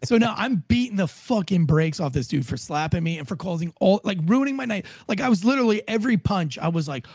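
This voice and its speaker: A man, a former police officer, telling a profane story in a casual, animated way and acting out the quotes. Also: high voice, quick pace, vocal fry, few pauses, slightly rough, no room sound.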